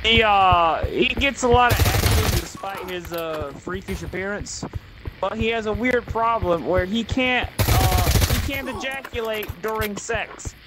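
A man's voice: sits high, unhurried, background noise. A man chatting in an online shooter game, joking crudely and rambling with fillers. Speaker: gamer in voice chat. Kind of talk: casual game voice chat. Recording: loud gunfire over voice chat.

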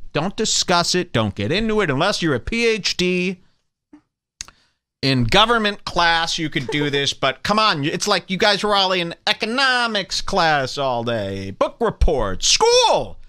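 A man's voice: fairly high pitch, very animated, normal speed, sharp tone, clean tone, no room sound. A man hosting a podcast, delivering a sarcastic, mock-preachy comedic rant in a close, dry studio recording. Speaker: podcast host. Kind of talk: ranting comedic monologue.

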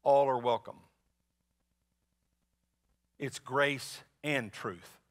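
A man preaching a sermon as pastor, in a conversational, animated way with asides to the congregation. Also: medium pitch, very slow. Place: large church sanctuary. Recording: long reverb of a church hall.

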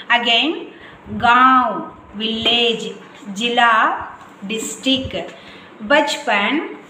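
A woman teacher, slowly drilling vocabulary word by word in a revision lesson. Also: fairly high pitch, pushed and bright, a little hiss or hum. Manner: slow, repetitive word-by-word drilling. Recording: echoey room with faint ambience.

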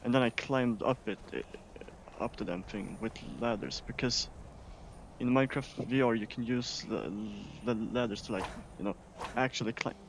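A man from Sweden giving casual, excitable gameplay commentary as a streamer, swearing often. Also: mid-range voice, normal speed, background noise. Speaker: gaming streamer.

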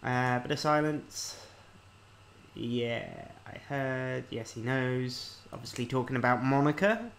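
A man casually commenting on a video game as he plays, reading the on-screen text aloud and thinking out loud. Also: mid-range voice, slow pace, a little hiss or hum. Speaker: let's-play host.

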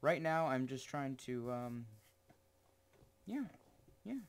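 A man's voice: medium pitch, takes it slowly, smooth. Rambling teenage boy gaming commentary. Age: teens. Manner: rambling, jokey, sudden excited yelps. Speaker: gaming channel host. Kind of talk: gameplay commentary.

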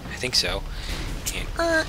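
A man's voice: a little slow, background noise. A man casually commenting on his own gameplay as a channel host, chatty and self-mocking, swearing freely.

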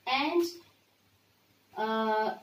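A woman teaches a lesson in a slow, deliberate way, repeating each word and checking in with "right?". Her voice sits somewhat high and comes from a bit away from the mic. The room is echoey, with faint ambient noise behind her. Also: distant mic. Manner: patient, repeats words slowly, frequent "right?" checks. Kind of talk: classroom lesson for children.

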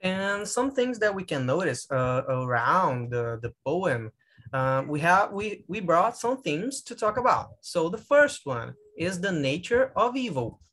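A young man whose first language is Portuguese, reciting a poem and presenting in class in an expressive way, with stumbles. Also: sits high, unhurried. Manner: expressive, with stumbles when reading. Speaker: student presenter.

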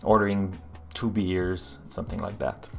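A man's voice: deep voice, fairly even intonation, normal speed, gravelly, a bit bright, soft background music. A man with a Quebecois French accent, live-streaming as he codes, thinking aloud and answering chat questions with lots of fillers and restarts. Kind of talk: casual live-stream chat while coding.

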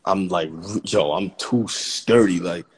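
A man's voice: deep voice, slow, breathy edge. A man in his twenties, chatting casually on a livestream and joking trash talk at his viewers. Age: 20s.

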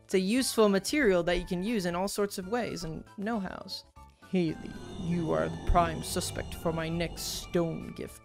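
A woman's voice: lowish voice, fairly even intonation, normal speed, creaky, soft background music. A woman giving playful, jokey gameplay commentary as she plays a farming game and talks to her viewers. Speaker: gaming video host.

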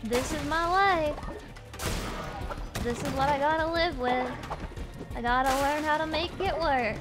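High-voiced young woman streamer, foul-mouthed and excitable, casual chat over loud game music. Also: unhurried. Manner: excitable, swears a lot, frequent loud outbursts.

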